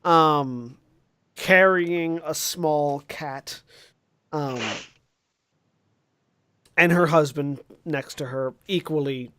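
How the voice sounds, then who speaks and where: A man narrating a tabletop role-playing game as game master, pausing often and searching for words with many fillers. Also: fairly high pitch, bright, forceful tone, smooth, no echo, studio quality.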